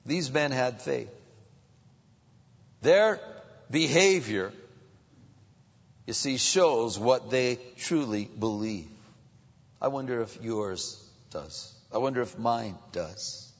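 A man preaching a sermon, dropping to a hush and then rising again. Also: medium pitch, animated, slow, pauses often, slightly rough. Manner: dynamic, swings between hushed and raised. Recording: muffled reverberant hall.

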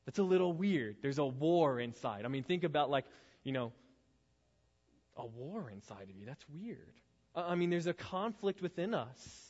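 A man preaching to high schoolers in a relaxed, chatty storytelling way, his voice a touch higher than most. A long reverb trails each phrase, and the recording sounds dull and muffled. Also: moderate pace. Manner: conversational storytelling, casual asides. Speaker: youth pastor.

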